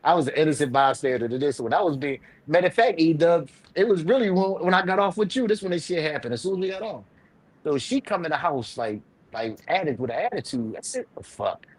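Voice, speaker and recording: A man hosting a live online panel, telling a rambling, profane story with big swings between loud and quiet, a little drunk. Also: a little high, expressive, fast talker, rough recording. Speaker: live show panel host.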